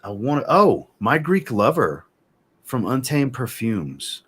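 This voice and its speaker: A man's voice: medium pitch, sing-song, slow, fairly bright tone, breathy edge. A man hosting a casual livestream, reviewing fragrances and reading out chat comments in an easygoing way.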